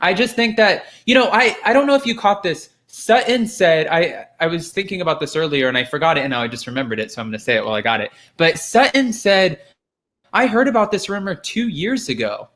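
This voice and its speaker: A co-host chatting on a live recap show in a mid-range voice. The talk is loose and rambling, with restarts and quick mimicked quotes of other people. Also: medium pitch, expressive, fairly bright tone. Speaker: podcast co-host. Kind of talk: casual live recap chat.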